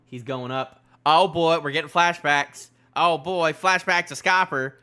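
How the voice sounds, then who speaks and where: A goofy man live-reacting to a comic, with a high, lively voice that leaps around a lot. His tone is bright and forceful, and faint music plays behind him. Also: normal speed, few pauses, clean tone. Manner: goofy and animated, laughs often. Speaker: streamer.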